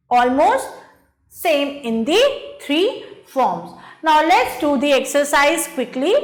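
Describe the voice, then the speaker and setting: A woman teacher, patiently walking through a grammar exercise and spelling words letter by letter. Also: sits high. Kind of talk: slow spelled-out grammar lesson. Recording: echoey room.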